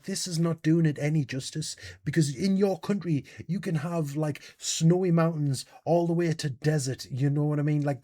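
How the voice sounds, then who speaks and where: A British man hosting a casual reaction video, animated and thinking out loud with questions and exclamations. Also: a little high, dry recording, studio quality. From United Kingdom.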